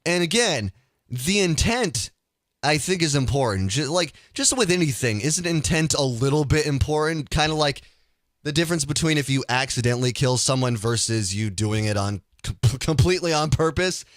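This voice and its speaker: A man's voice: fairly high pitch, moderate pace, no echo, studio quality. A man hosting a casual call-in radio show, ranting with energy and stumbling over his words. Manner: animated, ranting, stumbles and restarts.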